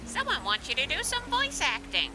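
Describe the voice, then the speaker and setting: A woman voicing a chirpy, eager little sidekick in a high put-on voice. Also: huge pitch swings, normal speed, over music.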